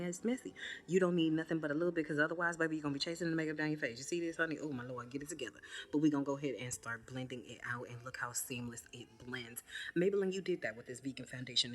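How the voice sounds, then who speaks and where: Fast-talking woman doing makeup. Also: extremely low pitch. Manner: chatty, animated, calls viewers baby and honey. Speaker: makeup creator. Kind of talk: casual makeup tutorial chat.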